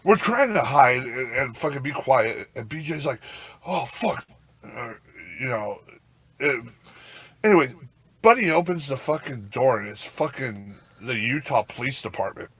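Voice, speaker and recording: A man's voice: mid-range voice, lively intonation, normal speed, fairly bright tone, breathy edge, dry recording. A young man co-hosting a podcast, telling a rambling, profane road story full of fillers. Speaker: podcast co-host.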